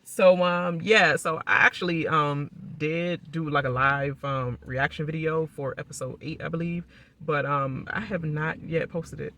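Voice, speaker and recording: A woman giving a casual, rambling reaction recap, blunt and salty, often laughing. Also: low-pitched. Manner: rambling, animated, quick to laugh and mimic. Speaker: YouTube reality TV reactor.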